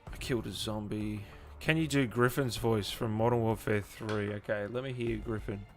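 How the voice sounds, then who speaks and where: A man hosting a live-stream gaming interview, chatty, excitable and informal, talking over a video call. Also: fairly low pitch, moderate pace, faint music behind. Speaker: gaming show host. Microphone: home microphone on a video call.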